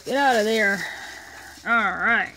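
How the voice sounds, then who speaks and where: A woman's voice: mid-range voice, slow pace, sharp tone, a little hiss or hum. A woman chatting casually as she unboxes toys, rambling and thinking aloud. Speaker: toy reviewer.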